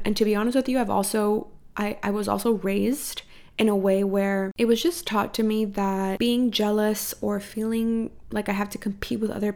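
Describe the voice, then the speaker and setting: Gravelly-voiced woman in her thirties. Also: mid-range voice, darkish tone. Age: 30s. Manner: candid, chatty, swears casually, playful asides. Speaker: podcast host. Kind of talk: casual solo podcast advice.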